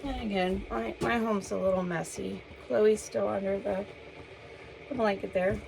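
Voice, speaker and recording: Fairly even in intonation and a little slow, a woman with a creaky mid-range voice talks viewers through a home cooking demo. She's chatty and somewhat out of breath, narrating herself and calling everyone "guys," amid noisy kitchen sound.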